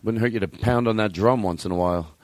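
A man hosting a casual studio chat show, profane and excitable, breaking into shouts of encouragement. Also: on the low side, fast, no echo. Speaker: podcast host. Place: recording studio.

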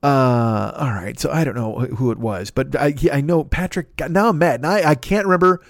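Brief: man, 50s, host doing a profane, rambling comic rant, rapid, dry mic. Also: medium pitch, creaky, dry recording. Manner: profane, rambling, self-interrupting. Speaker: podcast host. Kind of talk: comedic rant monologue.

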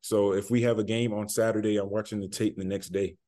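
Low-voiced young man, relaxed and rambling. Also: fairly quick. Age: young adult. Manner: relaxed, rambling, many fillers and restarts. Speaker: college football player guest. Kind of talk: casual interview answers.

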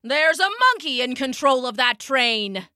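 A panicked train engineer bellowing urgent warnings in a storybook reading, the voice high and bright and swinging widely in pitch, as a woman narrator puts him on. Dry and close, with no room sound. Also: expressive, a little slow, no echo, exaggerated voice. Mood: frantic. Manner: shouted, urgent lines. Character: frantic male train engineer, shouting.

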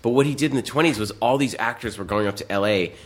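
A man as a podcast guest, telling stories in a casual chat, animated and full of fillers and laughter. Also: on the low side, fast.

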